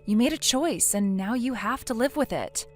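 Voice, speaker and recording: A woman's voice: on the high side, animated, moderate pace, soft background music. A synthetic woman's voice playing a blunt young woman who lectures her friend sternly in a text-message story. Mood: scolding. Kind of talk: text-to-speech text story narration.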